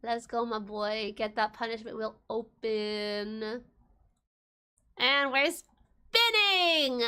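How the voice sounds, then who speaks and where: A young woman chats casually during a livestream, playful and giggly. Her voice is high and bright. She talks loosely, reacting to her viewers. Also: takes it slowly, clean tone. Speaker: streamer.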